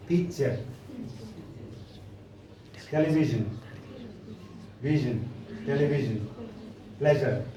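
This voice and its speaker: A man from Bangladesh teaching English pronunciation in a classroom, saying words slowly one at a time and repeating them. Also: medium pitch, dark tone. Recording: echoey classroom, distant mic, noisy.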